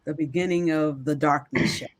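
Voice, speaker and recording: Soft-spoken reflective woman. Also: low-pitched, steady tone, moderate pace. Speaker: podcast co-host, mother of guest. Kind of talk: reflective conversational talk.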